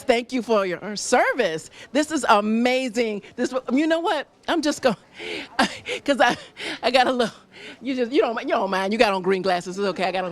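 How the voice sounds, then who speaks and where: A woman hosting on location in a restaurant, chatting with diners in a bubbly, gushing way and laughing often. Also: on the high side. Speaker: on-location host interviewing diners. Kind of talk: upbeat casual interviewing. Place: busy restaurant.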